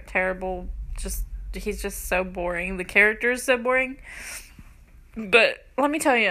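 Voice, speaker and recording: A young woman with a bright, clear voice pitched a little high, recapping a film in a loose, chatty way. She gushes, laughs between lines and leans on "like" constantly. She sounds teary, close to crying. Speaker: movie reviewer. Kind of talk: casual movie recap.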